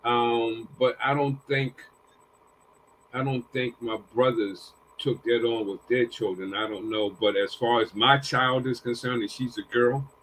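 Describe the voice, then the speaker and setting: An older man with a bright, forceful voice recounts family memories in a relaxed, conversational way. He keeps restarting and repeating his phrases, and he raises his voice whenever he acts out what someone said. His pitch sits in an ordinary middle range for a man. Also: a little slow, slight background noise, rough recording. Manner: acts out quoted dialogue with a raised voice. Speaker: panel guest. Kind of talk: casual storytelling.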